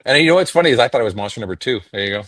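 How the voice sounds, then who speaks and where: Man, middle-aged, animated storyteller, dry close mic. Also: mid-range voice, very fast, no room sound. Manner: animated, slips into impressions while telling stories. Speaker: voice actor guest. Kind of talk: storytelling interview talk.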